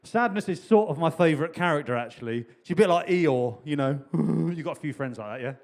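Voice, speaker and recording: Man, pastor, sermon, chatty and jokey, repeats key phrases, fairly high voice. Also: lively intonation, fairly quick.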